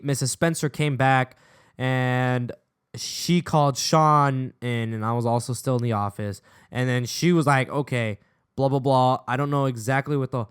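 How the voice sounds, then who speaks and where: A young gaming vlogger tells a personal story over gameplay, laughing casually and swearing a lot. His voice is mid-range and smooth.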